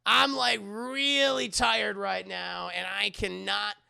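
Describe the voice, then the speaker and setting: A man's voice: high voice, level tone, takes it slowly, vocal fry, pushed and bright, clean tone, full character voice. A man voicing a cocky, lazy teenage boy fighter who taunts his enemy. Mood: mocking. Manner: mocking, casual taunts.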